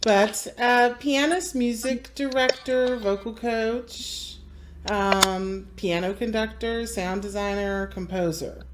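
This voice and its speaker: A woman's voice: fairly high pitch, steady tone, slow. A woman musician talks casually as a guest over a video call. She is chatty and laughs easily. A faint hiss of noise sits behind her voice. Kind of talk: casual interview chat.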